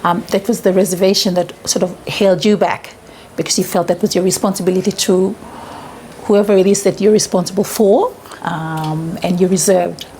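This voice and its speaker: A woman's voice: fairly low pitch, moderate pace, slight background noise. Earnest woman giving a heartfelt testimonial. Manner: earnest, reflective, laughs when excited. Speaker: retreat graduate interviewee. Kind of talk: testimonial interview.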